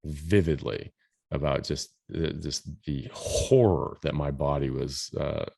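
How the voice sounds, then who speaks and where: A man hosting a podcast, telling a story in a rambling, animated way, full of restarts and quoted asides. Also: a bass voice, takes it slowly, gravelly. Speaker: podcast host. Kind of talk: casual storytelling.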